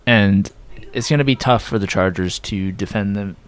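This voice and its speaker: A young man casually running through his weekly football picks, correcting himself as he goes and sometimes talking in a flat, robotic way. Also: fairly low pitch, normal speed, clear, resonant tone. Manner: casual, self-correcting, slightly flat delivery. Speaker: sports predictions vlogger. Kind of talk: casual sports picks talk.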